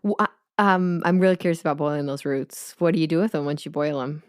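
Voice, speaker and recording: A woman in her thirties with a noticeably low voice and a slight lisp, co-hosting a podcast. She teases her co-host in a dry, deadpan way, and her voice sounds very dry and close. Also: fast, clear, resonant tone, no room sound. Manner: dry, teasing. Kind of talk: casual chat.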